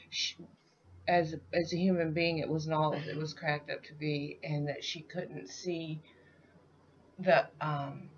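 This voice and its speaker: A woman giving a raw, halting account of a dream she just had, rambling and full of fillers. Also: low-pitched, a little hiss or hum. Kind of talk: raw spoken dream recount. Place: at home, in the middle of the night. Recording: dull lo-fi home recording.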